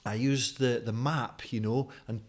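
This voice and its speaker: A man's voice: medium pitch, steady tone, measured pace. Mild Scottish man, chatty teacher trainer. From Scotland. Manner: friendly and chatty, with many fillers. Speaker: teacher trainer giving a conference talk. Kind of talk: recorded video talk to camera. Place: home at night. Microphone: camera in front of him.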